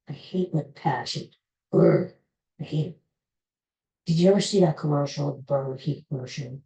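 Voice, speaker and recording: A woman's voice: deep voice, mellow. A woman hosting a solo podcast, ranting in a grumbling, indignant way. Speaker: podcast host. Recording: roomy echo.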